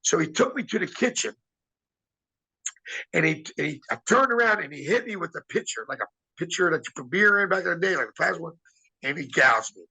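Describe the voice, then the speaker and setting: Husky-voiced man telling wrestling stories. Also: fairly high pitch, expressive, brisk, pushed and bright, low-quality recording. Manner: rambling anecdotes, acts out quoted dialogue. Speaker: interview guest, former wrestler. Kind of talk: casual storytelling.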